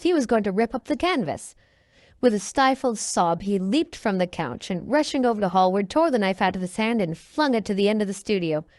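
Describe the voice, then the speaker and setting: A woman narrating a classic novel audiobook in a measured storytelling manner. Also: mid-range voice, a little mellow, no room sound, studio quality. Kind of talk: scripted narration.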